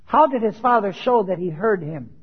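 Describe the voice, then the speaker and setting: A man with a breathy edge and lively intonation preaches at a moderate pace, posing questions and answering them on his own. His volume climbs on quoted scripture and falls for the questions, in dull lo-fi audio.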